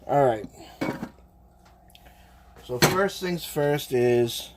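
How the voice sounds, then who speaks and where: A man's voice: medium pitch, expressive, extremely slow, heavy background noise. A man with a Boston accent casually chatting on a cooking livestream while he works the dough. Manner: rambling, chatty, talking while working. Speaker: livestream host.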